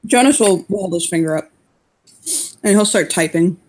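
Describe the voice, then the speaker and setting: A woman's voice: lowish voice, darkish tone. A woman playing a tabletop role-playing game, describing her character's actions with frequent laughs and restarts. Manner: giggly, halting with restarts. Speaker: player. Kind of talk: casual tabletop role-play.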